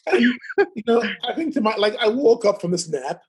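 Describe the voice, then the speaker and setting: A man's voice: sits high, lively intonation, normal speed, a little mellow, breathy edge. A man telling stories as a guest in a casual chat, who laughs often, keeps asking "right?" and stutters at times. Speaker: podcast guest.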